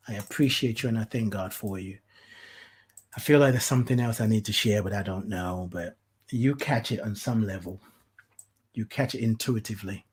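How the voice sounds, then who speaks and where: A podcast host in casual spiritual talk, heartfelt and preachy, flaring into animated rants and blessing the listener. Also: medium pitch, breathy edge.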